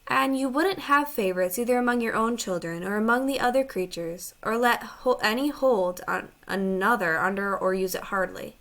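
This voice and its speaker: A woman voicing a wise, solemn male lion ruler in a storybook reading, with grave, measured speech. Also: medium pitch, fairly bright tone, natural voice. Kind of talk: audiobook reading.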